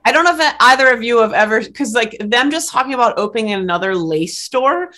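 Lively, bright-toned woman co-host. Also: fairly high pitch. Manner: animated, teasing, quick to laugh. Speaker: podcast co-host. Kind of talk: casual chat reviewing a film.

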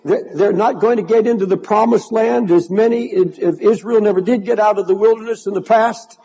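A man's voice: high voice, fairly quick, dark tone, rough recording. An older man preaching a sermon, impassioned and repeating words as he presses his point. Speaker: pastor.

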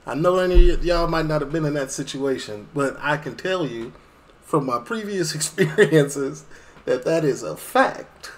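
A young man from Chicago hosting a reaction video, talking in animated slang and laughing often. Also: fairly high pitch, moderate pace. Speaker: reaction channel host. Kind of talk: casual reaction commentary.

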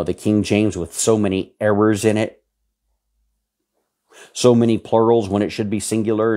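A man in his fifties preaches a sermon, emphatic and repetitive, with his voice jumping suddenly in pitch to stress a point. His voice is a little mellow.

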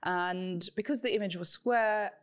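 A woman's voice: mid-range voice, a little slow. A woman hosting a show, interviewing and then chatting upbeat to viewers while wearing headphones. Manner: upbeat, chatty, thanks and wraps up warmly. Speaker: host. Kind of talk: interview and casual explanation to viewers.

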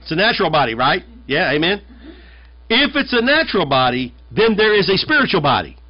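A pastor from the United States, his voice high-pitched, sing-song, and fairly quick, delivers a conversational, emphatic sermon full of repeated phrases. The sermon recording is dull and lo-fi.

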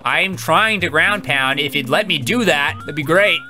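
Man hosting a gameplay video, frantic energy, shouts at the game, voice swinging high and low, game music underneath. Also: animated, moderate pace. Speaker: host. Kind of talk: gameplay commentary.

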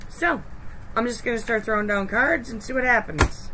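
A woman's voice: fairly high pitch, moderate pace, noisy background. A woman hosting a casual tarot reading, chatting loosely and muttering to herself while she handles cards. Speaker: tarot reader.

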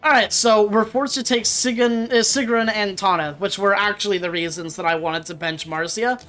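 A man's voice: high voice, steady tone, moderate pace, a bit bright, soft background music. A man guiding a friend through a let's-play, explaining the game and reading some lines in a casual, rambling way. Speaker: gaming video co-host guiding the playthrough.

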